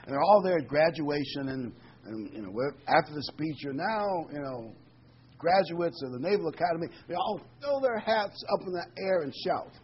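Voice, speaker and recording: A man's voice: a little high, lively intonation, normal speed. A man preaching a sermon, reading scripture with rising emphasis and adding folksy, conversational asides full of fillers. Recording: slightly dull, faintly noisy recording.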